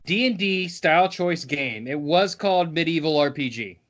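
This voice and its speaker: A man with a high-pitched voice hosts a game podcast, shifting between loose, joking chatter and reading scene text aloud. He swears casually and keeps things informal. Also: expressive, normal speed, fairly bright tone. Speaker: podcast host and game narrator.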